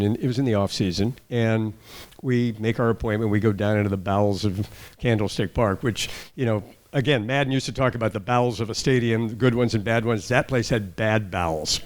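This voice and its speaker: Man in his 60s telling party anecdotes. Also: mid-range voice. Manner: humorous storytelling with asides and self-corrections. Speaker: retired radio news anchor giving a speech. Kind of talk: casual anecdotal speech at a party. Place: indoor party venue. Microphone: handheld microphone.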